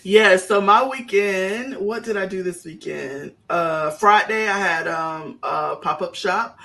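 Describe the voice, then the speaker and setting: A woman's voice: medium pitch, slow, creaky, a bit bright. A woman co-hosting a podcast, chatting casually with friends and telling a rambling story through frequent laughs. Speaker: podcast co-host. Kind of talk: casual chat among friends.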